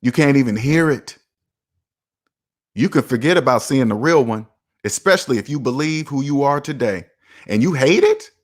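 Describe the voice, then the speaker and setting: A man's voice: medium pitch, expressive, moderate pace, long pauses. A man giving a casual motivational monologue as a personal finance vlogger, repeating points for emphasis and speaking straight to his viewers. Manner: emphatic, repeats himself for effect; preachy, talks straight to viewers.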